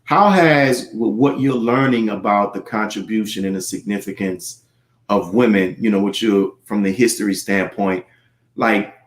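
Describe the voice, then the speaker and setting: A man hosting an interview, asking long questions with halting restarts and soft affirmations. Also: on the low side, roomy sound. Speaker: interview host.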